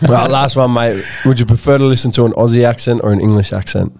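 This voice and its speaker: A man hosting a podcast, asking quick easygoing questions and laughing often. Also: medium pitch, vocal fry, a little mellow. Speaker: podcast host. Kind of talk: casual podcast interview.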